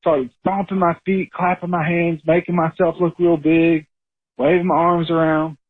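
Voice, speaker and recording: A male caller tells his story with animated energy, his voice a bit husky. The sound is thin and narrow, like a phone line. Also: fairly high pitch, moderate pace.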